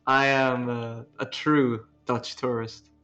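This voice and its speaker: Man, laid-back, jokey, mid pitch, muffled lo-fi sound. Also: little pitch movement, takes it slowly, bright, forceful tone, faint music behind. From Sweden. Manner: laid-back, joking, swears freely. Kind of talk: casual chat.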